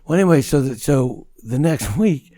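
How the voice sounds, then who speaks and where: A man telling a story as a podcast guest in casual, animated chat, swearing often and repeating "you know what I mean". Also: medium pitch, normal speed.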